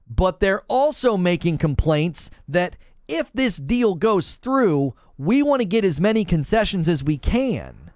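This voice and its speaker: A man's voice: high voice, no echo. A man hosting a talk show, giving argumentative and sarcastic commentary and laughing at his own points. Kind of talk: opinionated commentary.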